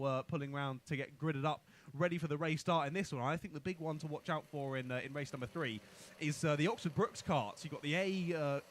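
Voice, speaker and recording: A man co-commentating live on a kart race, chatty and quick to explain driving technique. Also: a little high. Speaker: karting co-commentator. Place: commentary box at a kart track.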